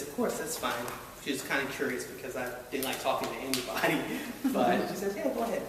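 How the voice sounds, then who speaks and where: A man telling a wry, self-deprecating personal story live to an audience that laughs along. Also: mid-range voice. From Baltimore. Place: live event hall with audience. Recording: echoey hall, distant mic, noisy.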